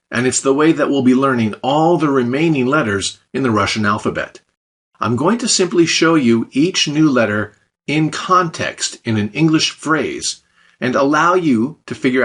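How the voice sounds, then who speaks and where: A man's voice: mid-range voice, fairly bright tone, husky. A man narrating a scripted language lesson, explaining step by step with light, dry jokes. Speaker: language teacher.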